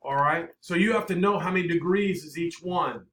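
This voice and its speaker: A man teaching a math class, brisk and coaxing, often checking in with the students. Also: on the high side, a bit bright. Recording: echoey classroom, faint noise.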